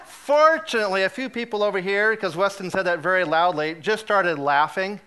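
A man's voice: sits high, moderate pace, hardly any pauses, pushed and bright, a little hiss or hum. A man casually telling a self-deprecating story to a live audience, chatty and full of fillers. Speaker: speaker addressing a live audience.

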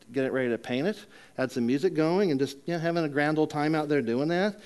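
This sermon is conversational, with a man recounting a personal story peppered with chatty tangents and humor at his own expense. He gets loud and high-pitched at the thrilling points and turns soft and low to reflect.

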